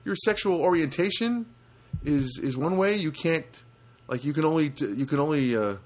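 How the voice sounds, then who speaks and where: Animated man telling a rambling story. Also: normal speed. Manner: animated, jumps to high pitch for quoted voices and honk sounds; rambling with frequent restarts and asides. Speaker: comedic storyteller. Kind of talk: rambling anecdotal monologue.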